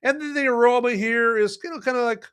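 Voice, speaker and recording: A man's voice: extremely high pitch, quick pace, a bit bright, clear, resonant tone. A man casually reviewing a beer on a podcast, rambling with lots of fillers, restarts and jokes. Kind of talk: casual chat.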